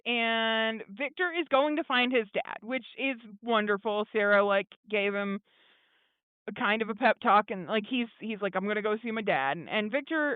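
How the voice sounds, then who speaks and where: A woman's voice: on the high side, clear, resonant tone, no echo. Chatty woman on a tinny line. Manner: chatty, laughing, many fillers, quotes characters in quick asides. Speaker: podcast co-host recapping a TV episode. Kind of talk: casual recap chat. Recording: thin phone-like dry audio.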